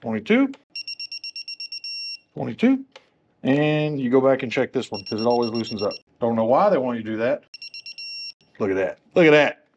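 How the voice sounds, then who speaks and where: A man's voice: mid-range voice, very animated, moderate pace, long pauses, darkish tone, highs cut off, a little hiss or hum. A man working as a motorcycle technician, talking through a wheel install in a workshop with joking, self-deprecating asides. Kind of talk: casual how-to tutorial.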